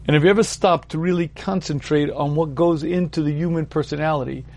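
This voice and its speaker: Teaching a Torah ethics class, a man explains things steadily and at a fairly quick pace, his voice slightly high for a man. He keeps clearing his throat between points and repeats key words to drive them home.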